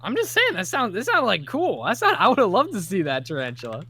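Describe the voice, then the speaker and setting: A man's voice: high voice, wildly swooping pitch, fairly quick, pushed and bright, breathy edge. A man chatting on a gaming stream, stammering and playing up being wronged. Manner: defensive, stammering, mock-indignant. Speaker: gamer on stream. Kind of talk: casual chat on a gaming stream.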